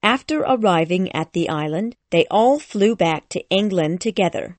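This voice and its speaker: A woman narrating a graded reader audiobook in a slow, careful, clearly articulated way. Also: mid-range voice, animated, no echo.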